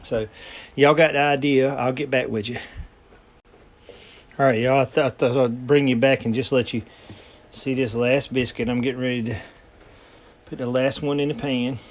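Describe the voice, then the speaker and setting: A man talks viewers through a recipe in his home kitchen. His delivery is folksy and rambling, full of ums and restarts. His voice sits at an ordinary middle pitch. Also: steady tone, moderate pace, long pauses. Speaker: home cooking channel host. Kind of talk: casual cooking demonstration.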